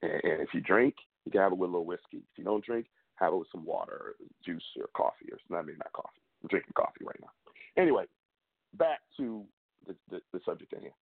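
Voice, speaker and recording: A young man hosting his own sports show, venting in a fired-up, repetitive way with big jumps in pitch. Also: lively intonation, fast talker, gravelly, husky. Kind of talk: fan rant and commentary. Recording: tinny phone-like audio.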